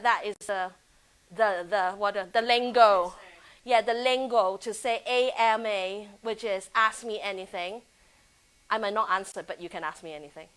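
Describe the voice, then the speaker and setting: Woman host, casual webcam live stream from home, excitable and giggly, slightly higher voice. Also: clear, resonant tone, poor audio. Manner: excitable, giggly, talks to the camera. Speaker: charity worker hosting a live stream. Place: living room.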